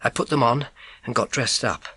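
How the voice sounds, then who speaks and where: A man narrating a children's audiobook in first person, with an expressive, suspenseful telling. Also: medium pitch, moderate pace, slightly rough, no room sound.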